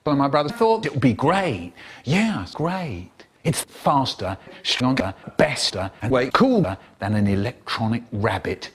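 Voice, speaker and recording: A man's voice: medium pitch, big pitch swings, a little slow, over music. A man telling stories in a playful, theatrical way, with sudden swings in his voice. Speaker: storyteller. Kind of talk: animated storytelling, cut into spliced comedy clips.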